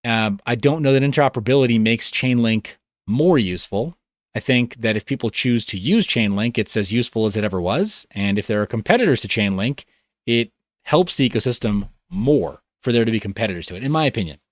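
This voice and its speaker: A man hosts a casual livestream from a home studio, his voice tired. He rambles and breaks off mid-thought, swinging his pitch up and down a lot. The sound is dry and close, with no room around it. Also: animated, brisk, no room sound. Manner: rambling, loose, self-interrupting. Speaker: livestream host. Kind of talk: casual livestream chat reading comments.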